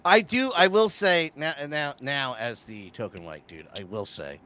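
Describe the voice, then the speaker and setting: A man co-hosting a casual wrestling talk show, heated and swearing, swinging from loud to quiet. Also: medium pitch, animated, moderate pace. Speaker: podcast co-host.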